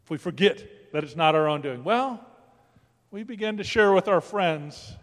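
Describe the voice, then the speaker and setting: A man's voice: high voice, animated, moderate pace. A man preaching a sermon as pastor, emphatic and rising, often calling out to the congregation. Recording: long hall reverb.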